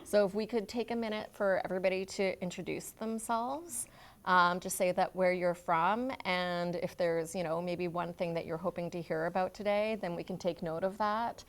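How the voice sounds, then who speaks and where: Brief: a woman panel host, conversational, slightly low pitch, lecture room. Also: steady tone, moderate pace. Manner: friendly and conversational, many fillers. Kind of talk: introducing a live panel.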